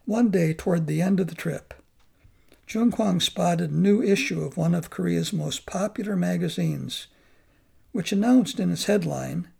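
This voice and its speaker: Guy reading his memoir aloud, gravelly and raspy, calm and reflective. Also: sits high, measured pace. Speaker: narrator. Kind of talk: memoir audiobook narration.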